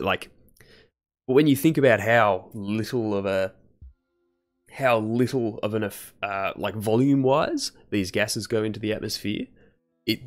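A man's voice: fairly low pitch, fairly bright tone. A young man chatting casually with his live-stream chat while he studies medicine. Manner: casual, chatty, laid-back slang.

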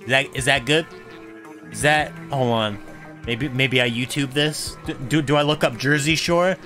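A man's voice: medium pitch, normal speed, sharp tone, faint music behind. A young man streaming a video game, rambling and joking with stammered restarts. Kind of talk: casual game commentary.

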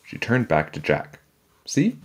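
A man reading a children's chapter book aloud in a calm, measured storytelling manner. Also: deep voice.

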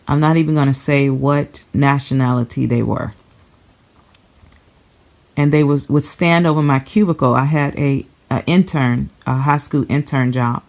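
A woman from the Chicago area, with a very deep, creaky, darkish voice, gives a personal testimony to camera. She's earnest and halting, often repeating herself as she holds back emotion.

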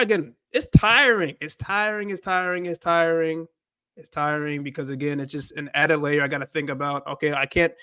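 An American man hosts a casual livestream, rambling, repeating himself and slipping in Spanish phrases as a language learner. His voice is a little high and a bit bright, recorded at studio quality with no echo.

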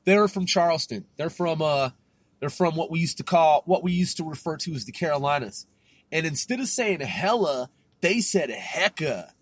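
A man's voice: fairly high pitch, lively intonation, moderate pace, no echo. A man hosting a podcast, talking casually in a laid-back, slangy way, swearing a lot and laughing often. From California. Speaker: podcast host. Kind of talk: casual profane monologue.

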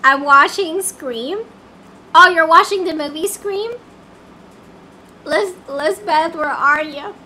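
A woman's voice: high-pitched, takes it slowly, long pauses, bright, forceful tone, slight background noise. A woman chatting casually on a game livestream, easily flustered and singing snatches of songs.

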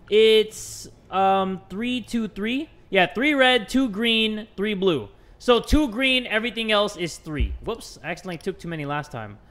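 A man hosting a horror game let's play, joking around and breaking into sudden loud outbursts. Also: high-pitched. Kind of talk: horror gameplay commentary.

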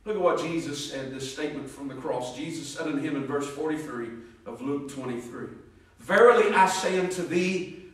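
A man preaching a sermon as pastor, moving between loud, emphatic passages and hushed, low ones, and reading scripture in a measured, deliberate cadence. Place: church sanctuary. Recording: very echoey room, distant mic.

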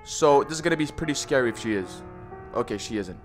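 A man's voice: medium pitch, lively intonation, fast, soft background music. A young man commenting on a horror VR game, joking, swearing and teasing, often saying bro. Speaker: gaming YouTuber.

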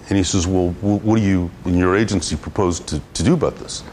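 A fairly low-voiced man lectures a class, storytelling with animated energy and lots of stumbles and repeats. A soft classroom hum sits faintly underneath. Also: a little fast, hardly any pauses. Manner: animated anecdotes with frequent repetitions and restarts. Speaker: guest lecturer on public relations.

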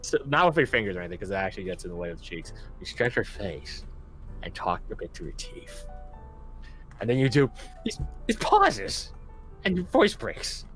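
A man's voice: on the low side, normal speed, faint music behind. A young man acting as game master, chatting casually and with lots of energy, laughing between lines. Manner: animated, laughing, lots of fillers. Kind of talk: casual tabletop game chat.

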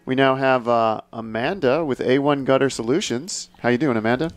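A man's voice: mid-range voice, a little fast. Matter-of-fact male home inspector. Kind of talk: casual radio talk.

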